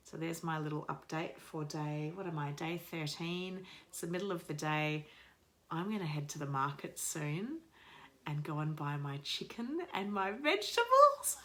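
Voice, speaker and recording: A woman's voice: lowish voice, a bit bright. A woman in her thirties from Australia, chatting upbeat to viewers in a casual video diary. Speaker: vlogger.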